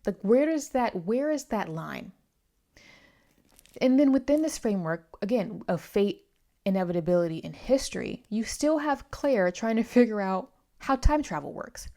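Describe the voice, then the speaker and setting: A woman's voice: medium pitch, very animated, moderate pace, vocal fry, dark tone. A young woman reviewing a novel in a casual, chatty vlog, with many asides and self-corrections. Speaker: book reviewer.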